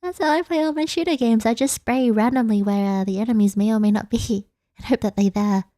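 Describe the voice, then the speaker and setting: A woman's voice: fairly high pitch, fairly quick, dark tone, dry recording, clean studio sound. Giggly Australian woman streamer. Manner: giggly, rambling, self-deprecating. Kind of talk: casual late-night chat stream.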